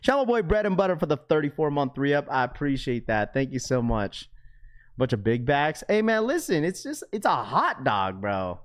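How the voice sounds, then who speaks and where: A man's voice: mid-range voice, sing-song, moderate pace. A young man hosting a live stream who chats loosely and slangily with his viewers and laughs often. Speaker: livestream host. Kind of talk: casual live-stream chat.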